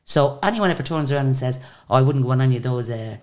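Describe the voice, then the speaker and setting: A quick-paced woman with a bass voice, a singer in her sixties with an Irish accent, recounts stories in a casual interview. Her chatty, lively telling is full of restarted sentences.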